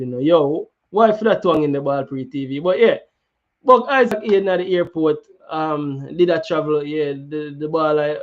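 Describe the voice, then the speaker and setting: A man's voice: a little high, lo-fi sound. A man with a Jamaican accent hosting a football talk show, chatting casually and slipping into patois with many restarts. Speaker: football channel host. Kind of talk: casual chat.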